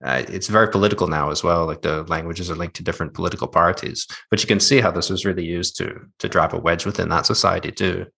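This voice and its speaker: Deep gravelly man interviewing. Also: steady tone, fast, hardly any pauses, bright, forceful tone. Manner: thoughtful, asks follow-up questions. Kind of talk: conversational interview.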